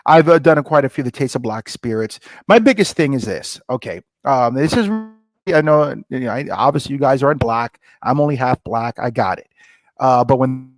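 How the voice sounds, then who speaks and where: A middle-aged man telling stories in a casual interview, animated and acting out dialogue, often jumping up in pitch. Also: brisk, dry recording, low-quality recording. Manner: animated, jumps to high excited pitch when retelling; many fillers and restarts, acts out quoted dialogue. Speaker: guest, scotch brand founder.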